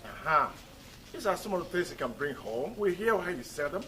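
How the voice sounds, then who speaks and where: In a noisy classroom recording, a male teacher drills his students on pronunciation and addresses them with rhetorical questions during the lesson. His fairly high voice swings widely in pitch, and he speaks briskly in a pushed, bright tone.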